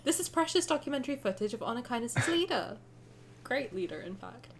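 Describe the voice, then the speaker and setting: A young woman streaming a game reaction, excitable and gushing, laughing and swearing. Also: a little high, brisk, slight background noise.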